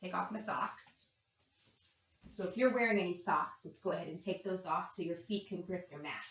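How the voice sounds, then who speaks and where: A woman leading a yoga class for young children, talking them gently and playfully through animal poses and animal sounds. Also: fairly low pitch, moderate pace. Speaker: kids yoga instructor. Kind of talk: guided kids yoga class. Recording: echoey room, distant from mic.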